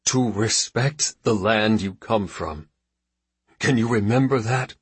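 A man's voice: low-pitched, expressive, a little slow, slightly rough, no room sound, full character voice. A man voicing a stern, grieving old father in a storybook reading, speaking in a clipped way through his teeth.

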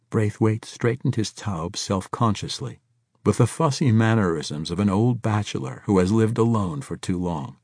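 A man narrating a thriller novel in a wry, measured audiobook reading. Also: on the low side, expressive, a little mellow, breathy edge, dry recording, studio quality.

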